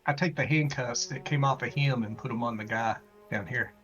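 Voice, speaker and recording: A man's voice: mid-range voice, brisk, a bit bright, soft background music. A man playing a tabletop game, speaking through a dull lo-fi mic. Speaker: player. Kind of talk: casual tabletop play.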